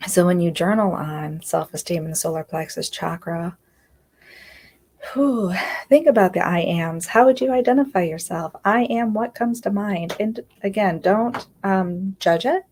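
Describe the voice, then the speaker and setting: A woman's voice: lowish voice, measured pace, darkish tone, slightly rough. A woman giving an earnest, confiding self-help talk on a live stream, often checking in with "right?". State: close to tears at times. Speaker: inner healing coach.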